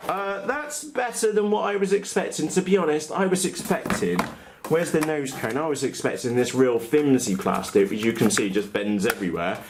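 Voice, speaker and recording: A man's voice: fairly high pitch, moderate pace, background noise. A man giving casual, blunt unboxing commentary on radio-control models, with plenty of fillers and restarts. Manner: chatty, blunt, frequent uh fillers and self-corrections. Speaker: RC model hobbyist vlogger.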